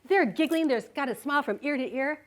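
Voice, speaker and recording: This middle-aged speaker has a high, expressive voice and talks fairly quickly as she shares a personal story live on stage. She often laughs while bringing the tale vividly to life.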